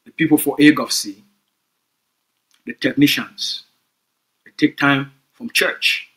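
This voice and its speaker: Man, Cameroonian Pidgin English accent, bright voice, emphatic political address. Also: medium pitch, slow pace. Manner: emphatic, repetitive, rallying. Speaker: movement spokesman.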